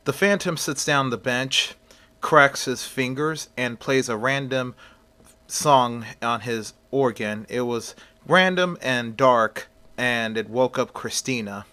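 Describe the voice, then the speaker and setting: Male storyteller, bright tone, plain amateur reading. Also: medium pitch, takes it slowly. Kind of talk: amateur fan-story narration.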